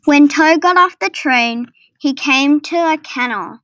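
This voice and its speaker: Brief: female storyteller, high voice, unhurried reading of a children's story. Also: no room sound. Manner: gentle, deliberate storybook reading.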